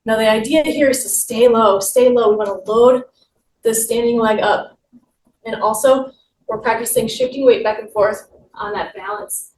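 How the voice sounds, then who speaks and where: A woman's voice: fairly high pitch, animated, moderate pace, darkish tone. A woman leading a guided exercise class, giving upbeat, encouraging cues while she moves along. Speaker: fitness instructor. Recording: roomy, distant mic with faint noise.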